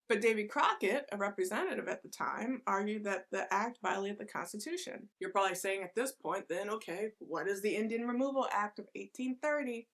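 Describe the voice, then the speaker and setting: Sarcastic woman giving a history lesson. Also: fairly high pitch. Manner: sarcastic, deadpan asides. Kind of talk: satirical history explainer.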